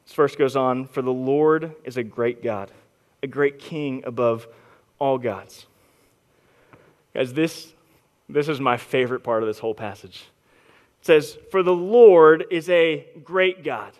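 A young adult man preaching a sermon to a congregation, emphatic, often repeating words as he builds from quiet, intimate stretches to loud, forceful ones. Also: medium pitch, measured pace, long pauses. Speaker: pastor.

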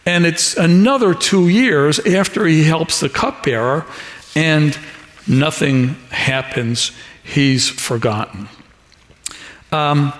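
A man's voice: a little high, a bit bright. A middle-aged man preaching a sermon as a pastor, folksy and storytelling, acting out the dialogue of the people in his stories. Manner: folksy, acts out dialogue in shifting voices. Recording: long hall reverb.

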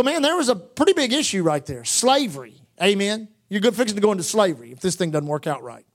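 A preacher delivering a sermon, repeating phrases for emphasis and quoting scripture in old-fashioned wording. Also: medium pitch. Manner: animated, repetitive emphatic preaching with asides; quotes scripture in King James wording.

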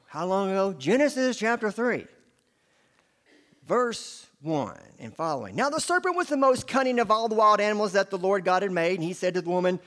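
A man preaching a sermon, swinging from hushed asides to loud, emphatic declarations. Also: on the high side. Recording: long hall reverb.

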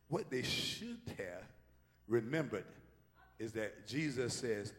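A male pastor preaching a sermon, swinging from hushed asides to shouted call-and-response. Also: medium pitch, animated, a little slow. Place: church sanctuary. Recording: long hall reverb.

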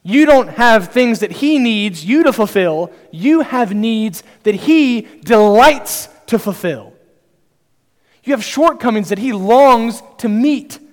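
A high-pitched man preaches in an unhurried, deliberate way, leaning on rhetorical questions to draw in his listeners. His voice rings out with a long reverb from a church hall. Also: expressive. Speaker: pastor. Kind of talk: sermon.

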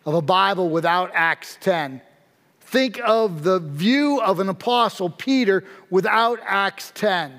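A man preaching a sermon as a pastor, speaking emphatically and building intensity through dramatic repetition. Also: sits high. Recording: long reverb of a large hall.

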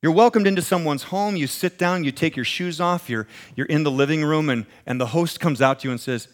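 A man's voice: a little high, fairly quick, hardly any pauses. A man preaching a sermon, telling stories in a conversational way and acting out quoted voices. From American Midwest. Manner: animated storytelling, acts out quoted voices, chuckles. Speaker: pastor.

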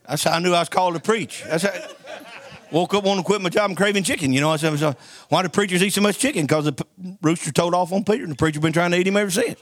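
A man preaching a sermon, lively and joking as he tells a story and calls out to the congregation for responses. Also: sits high, very fast.

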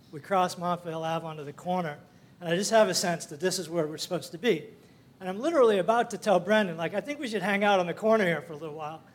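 An older man sharing a rambling, folksy church testimony, full of fillers and little laughs. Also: sits high. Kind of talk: casual storytelling testimony.

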